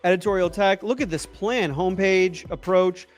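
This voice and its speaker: An excitable man talks loosely in a casual livestream, rambling, breaking off and picking his thought up again. His voice sits a little high for a man. Faint music plays underneath. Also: normal speed. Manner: rambling and excitable, trailing off and restarting. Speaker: tech YouTuber answering live chat.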